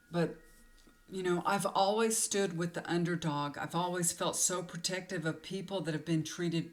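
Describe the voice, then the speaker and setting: A woman tarot reader telling a personal story to camera in a confiding, emotional way, rambling with many fillers, close to tears. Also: deep voice. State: tearful.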